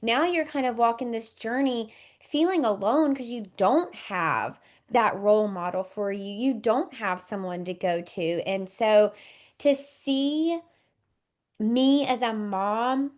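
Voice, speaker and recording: A woman's voice: on the high side, slow pace. Earnest, heartfelt woman in her thirties. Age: 30s. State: expecting her first baby. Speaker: doula and podcast guest. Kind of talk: podcast interview conversation.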